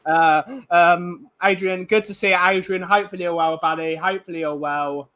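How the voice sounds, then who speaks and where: Young male stream co-host, high bright voice, rambling and chatty. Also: steady tone, normal speed. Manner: rambling, many fillers and restarts. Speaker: livestream co-host. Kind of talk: casual chat, reading viewer comments.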